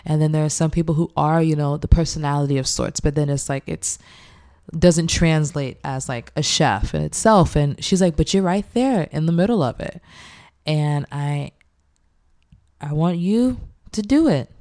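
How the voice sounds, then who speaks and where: A young woman chef, animated and laughing often as she acts out quoted speech in a casual interview. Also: sits low, normal speed. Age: young adult.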